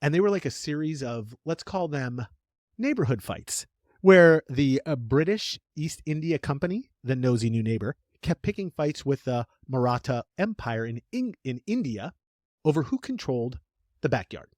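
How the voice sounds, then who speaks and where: Animated, joking podcast man. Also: mid-range voice, normal speed, no room sound, studio quality. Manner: jokey, animated storytelling with playful put-on voices. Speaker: podcast co-host. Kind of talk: casual podcast chat.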